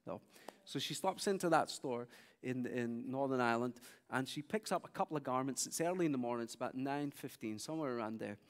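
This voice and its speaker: A man's voice: medium pitch, a little fast, in a large hall. A man preaching a sermon, telling stories and acting out the people in them. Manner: animated storyteller, acting out quoted speech. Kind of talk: sermon with storytelling. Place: large church hall.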